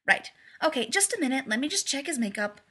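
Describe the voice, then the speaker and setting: A woman's voice: high voice, sing-song, fast talker, fairly bright tone. A woman voicing a bossy, sneering male scientist who snaps orders in a storybook reading. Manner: snappish, bossy.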